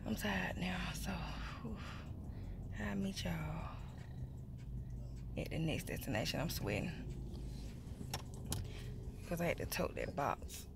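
A woman's voice: lowish voice, big pitch swings, takes it slowly, vocal fry, pauses often, whispered. A woman, a mother chatting to her viewers in a casual vlog while shopping in stores, calling them y'all. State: out of breath. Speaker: vlogger, mother. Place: stores and mall, indoors.

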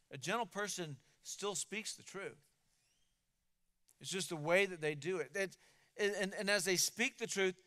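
Earnest high-voiced male preacher. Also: pushed and bright. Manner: earnest, emphatic preaching with repeated words. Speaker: pastor. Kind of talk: sermon.

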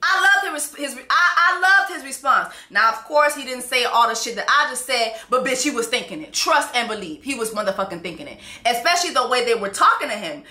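A woman recapping a reality dating show with brash, profane, animated commentary and mocking impressions. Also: high voice, fairly quick, hardly any pauses, reverberant.

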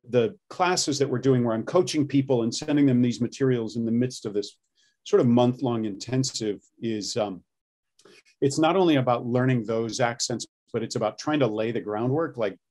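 A man's voice: mid-range voice, moderate pace, darkish tone. Guy explaining how he coaches accents, chatty, lots of ums and restarts. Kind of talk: casual interview.

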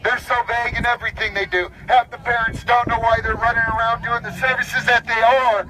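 A man speaking at an outdoor street protest, his voice pitched high and sharp with tension. He reads out official rules and knocks each one down in a blunt, indignant tone. Faint street noise sits behind him. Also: flat delivery, a little fast, poor audio. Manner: indignant, reads rules aloud then rebuts them bluntly. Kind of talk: impassioned protest speech.

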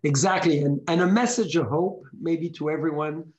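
Male wine show host asking questions, a bit high voice, muffled call sound. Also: moderate pace. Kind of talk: interviewing a guest. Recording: dull lo-fi video call audio.

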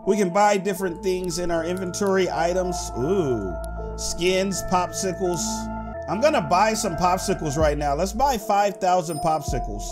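A man giving excited gameplay commentary to his viewers, full of "like" and "guys" and bursting into sudden shouts. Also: high voice, normal speed, music in the background. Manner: animated, says "like" and "guys" a lot, bursts into shouts. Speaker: gaming YouTuber.

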